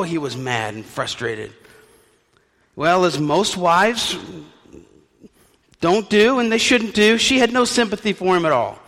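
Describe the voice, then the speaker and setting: A male pastor delivers a sermon as a conversational story, dropping wry asides along the way. His voice sits slightly high for a man, and it carries through a sanctuary with a long, lingering reverb. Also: expressive, unhurried, pauses often, fairly bright tone.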